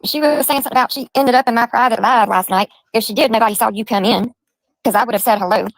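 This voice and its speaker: A woman delivers a profane, mocking callout rant. Her voice sits a touch high and the sound is close and dry, with no room around it. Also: quick pace, no echo, low-quality recording. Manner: crude, taunting, profane. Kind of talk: ranting callout.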